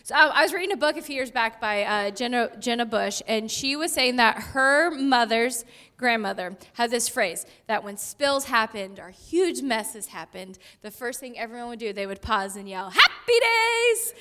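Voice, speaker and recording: A woman's voice: fairly high pitch, normal speed, pushed and bright. A woman in her thirties giving a conversational sermon in a chatty way, laughing often and using many fillers. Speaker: pastor.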